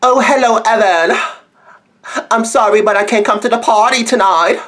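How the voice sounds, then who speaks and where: A man's voice: sits high, a bit bright. A man playing a giggly friend faking sick. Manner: giggling, hurried. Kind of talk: comedy skit.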